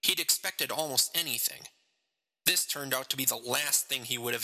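A man reading his own short story aloud in slow, measured storybook narration. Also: mid-range voice, vocal fry, sharp tone. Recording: long reverb.

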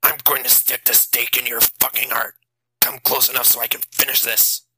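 A man's voice: mid-range voice, normal speed, breathy edge, heavily acted, rough recording. A man voicing an enraged father over fifty. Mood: furious. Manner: shouting threats.

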